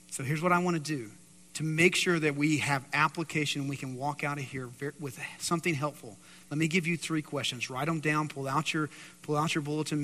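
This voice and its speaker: A man preaching a sermon in a church, swinging between loud emphatic stretches and hushed quiet passages. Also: on the high side. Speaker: pastor. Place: church sanctuary. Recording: reverberant hall.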